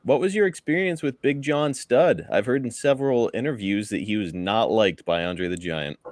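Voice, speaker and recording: Low-voiced man asking questions. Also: moderate pace, a little mellow. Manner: laughs easily, asks questions. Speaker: podcast co-host. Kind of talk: casual interview chat.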